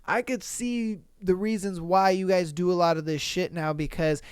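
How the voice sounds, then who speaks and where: A man hosting a podcast, reading listener stories aloud and reacting in animated, slangy disbelief, often exclaiming loudly. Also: high-pitched, normal speed, smooth, no room sound, studio quality. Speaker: podcast host. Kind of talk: casual reaction commentary.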